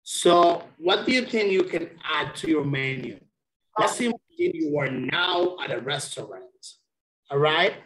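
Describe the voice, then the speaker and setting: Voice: medium pitch, animated, a little slow, a bit bright, roomy sound, poor audio. An English teacher giving a one-on-one lesson over a video call, checking often that the student understands.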